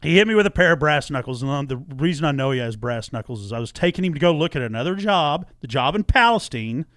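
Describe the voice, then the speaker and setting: Middle-aged man, animated storyteller with a lively pitch, dry podcast mic. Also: fast, dry recording. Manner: animated, acts out quoted dialogue, swears freely. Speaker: podcast guest telling his story. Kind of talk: casual storytelling, podcast chat.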